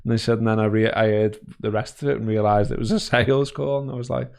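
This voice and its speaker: A man co-hosting a casual podcast, telling stories with animated rants. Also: on the low side, quick pace, vocal fry, smooth. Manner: animated storytelling, acting out his own rants. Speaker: podcast co-host. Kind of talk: casual chat.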